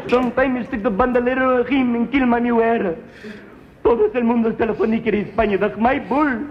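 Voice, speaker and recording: A man's voice: extremely high pitch, steady tone, quick pace, crowd noise, pitched above the performer's own voice. A man voicing a young boy who pleads in accented broken English, from a dull lo-fi 1950s television broadcast. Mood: pleading. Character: whiny young boy pleading for his bull.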